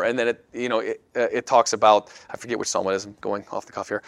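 A man's voice: mid-range voice, fast, vocal fry, fairly bright tone. A man leading a casual Bible study talk, earnest and reflective, often restarting his sentences as he thinks aloud. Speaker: discussion leader.

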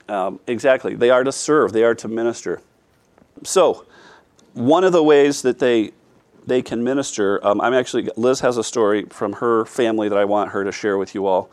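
A man's voice: fairly low pitch, a little mellow. A man leading a Bible study class, talking loosely with frequent fillers and restarts as he draws answers from the group. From former math teacher. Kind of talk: leading a church group discussion.

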